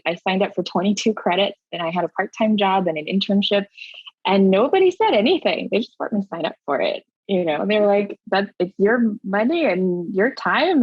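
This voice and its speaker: A woman's voice: medium pitch, breathy edge, no room sound, highs cut off. A woman alumni panelist speaking earnestly and enthusiastically in a panel discussion.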